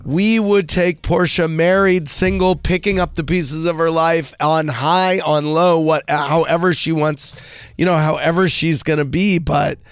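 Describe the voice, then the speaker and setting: A man's voice: on the high side, fairly even intonation, a little slow, smooth, no echo. A middle-aged man hosting a podcast, telling gossipy stories in a casual, chatty way with lots of fillers. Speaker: podcast host.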